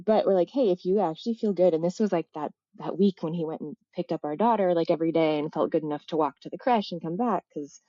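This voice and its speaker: A woman speaks as a podcast guest, reflective and halting, leaning on "like" as she restarts her thoughts. Her voice sits fairly low, with a dark, mellow tone. The recording is dry and a little dull, with no room sound. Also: dry recording. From United States. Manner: halting and reflective, with many "like" fillers and self-corrections. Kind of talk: candid personal storytelling in a casual interview.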